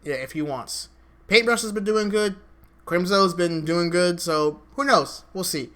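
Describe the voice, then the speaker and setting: A man's voice: high voice, bright, forceful tone. A young man co-hosting a casual esports podcast, candid and swearing freely. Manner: candid, swears freely, fast show sign-off. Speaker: podcast co-host.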